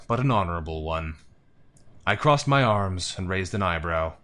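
Man, deep low voice, expressive story-game reading, thoughtful asides. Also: moderate pace. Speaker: let's play narrator.

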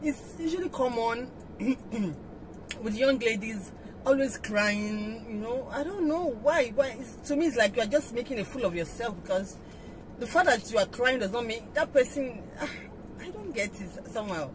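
Woman vlog host, fairly high voice, rambling rhetorical chat, noisy take. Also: animated, normal speed. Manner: rambling, musing, with rhetorical questions. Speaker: entertainment news vlog host. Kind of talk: casual chatty commentary. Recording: noisy background hiss.

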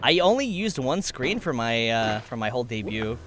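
A man's voice: medium pitch, sing-song, normal speed, background noise. A man hosting his own gaming stream, chatting playfully with a guest, teasing and giggling a lot. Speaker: streamer and host. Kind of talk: casual gaming stream chat.

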